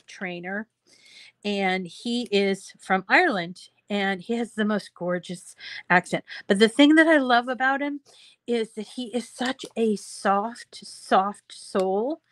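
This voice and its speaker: A woman hosting a casual craft tutorial, chatting to her viewers in a rambling way with many fillers. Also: mid-range voice. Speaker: craft show host.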